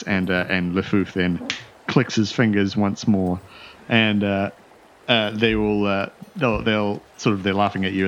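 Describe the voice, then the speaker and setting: A man's voice: fairly low pitch, lo-fi sound, slight background noise. A man narrating a tabletop game as game master, in a loose, rambling way full of fillers.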